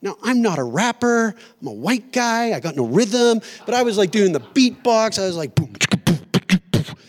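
High-voiced man preaching a sermon. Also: very animated, moderate pace. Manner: conversational, storytelling, self-deprecating humor. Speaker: pastor. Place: church auditorium.

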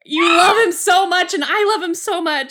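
A woman author as a podcast guest, relaxed and friendly, laughing often as she chats about her books. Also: very high-pitched, moderate pace. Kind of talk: casual interview chat.

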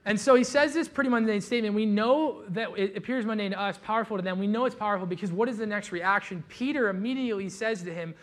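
A man delivers a sermon like a relaxed storyteller, cracking jokes and piling on casual fillers. His voice sits a little high for a man. The tone stays conversational rather than formal. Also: fast, few pauses. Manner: casual, joking, animated storytelling with many "like" fillers. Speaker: pastor.

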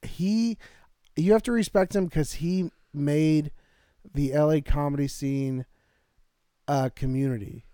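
A man co-hosting a podcast, chatting casually in a laid-back way, laughing often and clearing his throat. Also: fairly high pitch, fairly even intonation, slow, pauses often, warm tone, no room sound. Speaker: podcast co-host. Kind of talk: casual chat.

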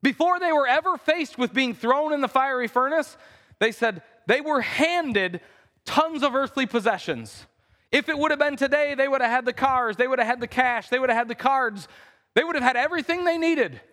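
A pastor preaching a conversational sermon in a church, acting out the quotes in voices. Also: male voice, extremely high pitch, moderate pace, sharp tone. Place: church sanctuary. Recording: reverberant church hall.

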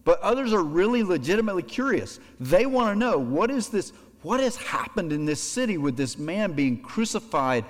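A male pastor giving a sermon, animated, voicing imagined conversations to make his points. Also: on the high side. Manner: animated preaching, acts out imagined dialogue. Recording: long hall reverb.

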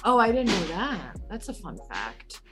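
A woman's voice: mid-range voice, very animated, unhurried, over music. A woman hosting a casual chat, retelling a story in a rambling, playful way with lots of swearing.

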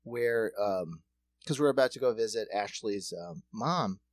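A man's voice: on the low side, animated, unhurried. A man co-hosting a podcast, telling a rambling, joking story in casual chat. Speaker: podcast co-host.

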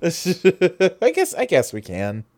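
A man co-hosting a casual podcast, giving wry, animated commentary with frequent laughs. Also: a little high, slow. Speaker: podcast co-host.

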